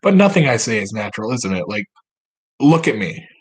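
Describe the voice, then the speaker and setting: A man's voice: lowish voice, sing-song, brisk, slightly rough. A man at home, talking straight to camera in a rambling, profane, self-mocking monologue. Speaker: vlogger.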